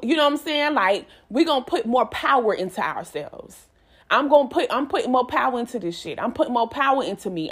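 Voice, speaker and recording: A woman, giving herself and her listeners an emphatic, repetitive pep talk in a casual vlog. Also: high voice. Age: 20s. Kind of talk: motivational self-talk monologue.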